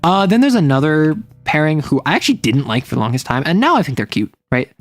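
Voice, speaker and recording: A woman's voice: low voice, big pitch swings, fast talker, soft background music. A woman streamer chatting casually about romance stories, rambling with lots of fillers and briefly acting out quoted lines.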